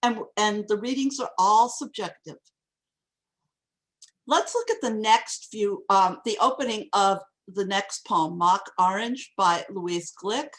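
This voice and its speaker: Measured woman teaching poetry close reading. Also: mid-range voice. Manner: measured, deliberate, reads lines aloud slowly. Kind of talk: craft talk, close reading of poems. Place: home, video call. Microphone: video call microphone.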